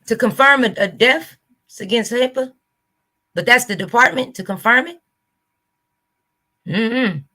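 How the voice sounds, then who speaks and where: Heated, profane woman YouTuber, high voice. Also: a little slow, pauses often, pushed and bright. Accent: Southern US. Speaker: YouTube host. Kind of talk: casual reaction rant to camera.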